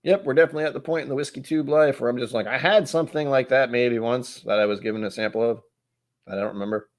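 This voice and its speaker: A man's voice: mid-range voice, fast talker. A young man hosting a whiskey channel, chatting casually with his viewers in a rambling, self-mocking way. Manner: rambling, self-mocking, reacts aloud to chat. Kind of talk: casual livestream chat.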